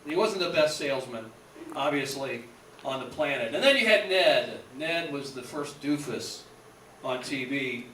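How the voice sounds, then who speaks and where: A man's voice: medium pitch, lively intonation, moderate pace, bright, forceful tone, echoey room, recorded from a distance, slight background noise. A man, a radio host, doing stand-up comedy on a club stage in a rambling, nostalgic style.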